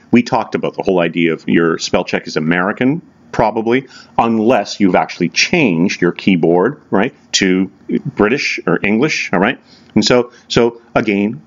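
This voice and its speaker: A man gives a recorded college English lecture in a low voice that moves up and down a lot. He talks casually and keeps checking in with his listeners with short questions. The recording is dull and lo-fi. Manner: conversational, many fillers and tag questions.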